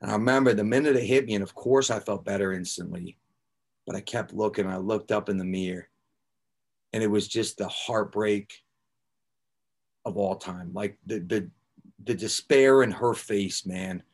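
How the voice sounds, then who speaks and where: A man's voice: on the low side, normal speed. A man guest on a podcast, telling his own recovery story candidly, blunt and raw with casual swearing and filler words.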